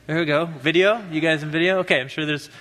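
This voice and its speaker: A man in his thirties, originally from the US Pacific Northwest, gives a chatty, playful sermon, teasing the congregation while he tells a story. His voice sits a little high, and it rings bright and forceful. It echoes with the long reverb of a large church sanctuary. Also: fast talker. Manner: animated, joking storyteller. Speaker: pastor. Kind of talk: conversational sermon.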